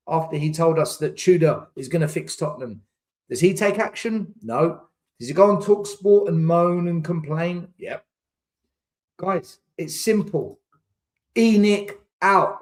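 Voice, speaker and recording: A man hosts a live fan chat, reading viewers' comments aloud and answering them in a loose, casual way. He rants in exasperation, hammering words over and over for emphasis. His voice sits a little high for a man. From England.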